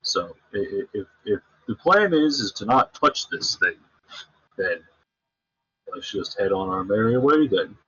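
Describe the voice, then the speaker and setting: A man playing a tabletop game in casual chat, his voice bright and husky with lively pitch. He stumbles and restarts his sentences. The audio is dry and muffled, like voice chat. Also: unhurried, dry recording. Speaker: player.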